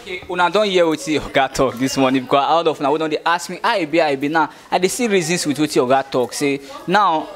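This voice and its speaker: A man's voice: on the high side, fast, hardly any pauses. Chatty Nigerian man hosting. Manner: chatty, addresses viewers directly. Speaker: market blogger host. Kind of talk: casual interview and update in Pidgin.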